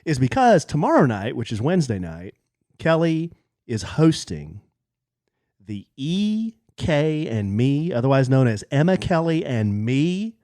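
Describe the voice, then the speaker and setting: A man co-hosting a podcast in casual chat, joking around and jumping his voice up high for laughs. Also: very animated, unhurried, mellow, no room sound, studio quality. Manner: joking, swings pitch up high for comic effect. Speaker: podcast co-host.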